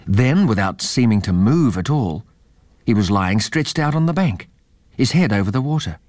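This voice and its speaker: A man reading a children's story aloud in a measured, expressive way. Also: lowish voice, no room sound, clean studio sound.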